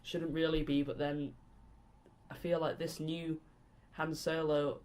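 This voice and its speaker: A man's voice: on the high side, little pitch movement, unhurried, a little mellow. A man chatting casually about films on a podcast, joking, laughing easily and acting out quoted lines. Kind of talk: casual film chat.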